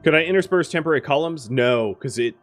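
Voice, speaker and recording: A man's voice: a little high, expressive, fast, soft background music. A man casually commentating a strategy game, thinking aloud and explaining the rules with frequent fillers. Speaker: gaming video host.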